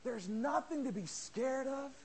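Brief: serene older prophet, low and steady, voiced by a male preacher. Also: unhurried, husky, full character voice. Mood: reassuring. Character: calm, reassuring old male prophet.

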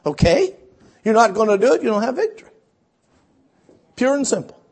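A man preaching a sermon, animated, acting out quoted voices and swinging between shouts and hushed asides. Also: extremely high pitch, a little fast.

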